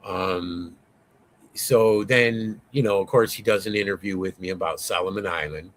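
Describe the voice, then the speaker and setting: A man with a fairly low voice tells his story in a loose, rambling way, swearing freely and leaning on fillers. He gets excitable as he talks, with a faint noise underneath. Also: moderate pace. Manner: rambling, profane, lots of fillers. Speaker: interview guest. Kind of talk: casual interview storytelling.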